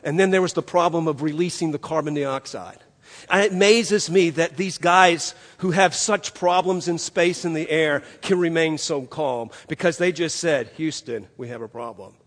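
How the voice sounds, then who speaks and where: A man's voice: fairly high pitch, normal speed, long reverb tail. An older man preaching a sermon as pastor, emphatic and conversational, telling stories to make his point. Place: church sanctuary.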